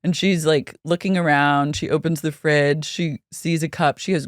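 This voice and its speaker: A woman's voice: low-pitched, steady tone, normal speed, no room sound, clean studio sound. A woman co-hosting a podcast, casually recapping reality TV scenes and acting out the quotes. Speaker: podcast co-host. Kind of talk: casual gossip chat.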